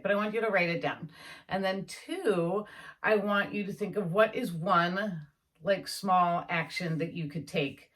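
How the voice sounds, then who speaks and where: A woman coach leading a guided imagery meditation in a fairly low voice. She talks the listener through breathing and visualization, soothing and encouraging, and slips into excited, joyful affirmations. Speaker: life coach.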